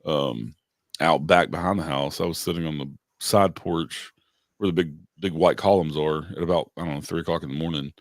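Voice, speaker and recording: A man co-hosting a podcast speaks in a very deep voice. He tells stories in unhurried casual chat, with plenty of ums and uhs. The recording is dry, with no room echo. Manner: unhurried storytelling with many fillers. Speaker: podcast co-host.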